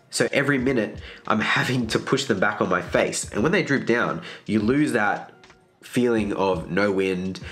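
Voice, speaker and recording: A man with a nasal voice, getting over a virus, giving a candid, relaxed gear review in a casual vlog. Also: lowish voice.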